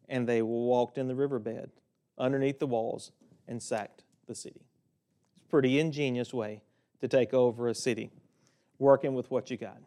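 A man's voice: mid-range voice, darkish tone. A man giving a conversational sermon, teaching a Bible passage with casual asides. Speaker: preacher.

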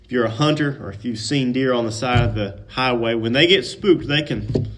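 A male pastor delivering a sermon in a voice of ordinary pitch for a man. He moves between rising, emphatic peaks and hushed, quieter asides. His tone stays folksy and conversational throughout. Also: normal speed, very noisy.

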